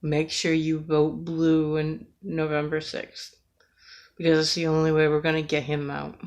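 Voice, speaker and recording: A woman's voice: low voice, monotone, measured pace, darkish tone. A woman from the United States delivering an earnest, emotional rant, with frequent hesitations and fillers as she talks. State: emotional, near tears. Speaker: vlogger.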